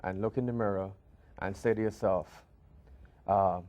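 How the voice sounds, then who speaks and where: A man hosting an interview, chatting casually with a hesitant, halting way of speaking. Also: fairly low pitch, fairly even intonation, darkish tone. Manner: hesitant, many ums and restarts. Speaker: talk show host.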